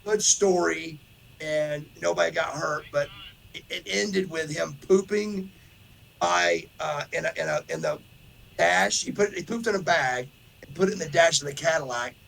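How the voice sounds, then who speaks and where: A man with a gravelly, rough-edged voice, pitched a bit high for a man, spins a long animated story as a podcast host. He drops "brother" into his talk and acts out the quotes in the story. A faint hiss of noise sits under the recording. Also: normal speed. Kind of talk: casual storytelling chat.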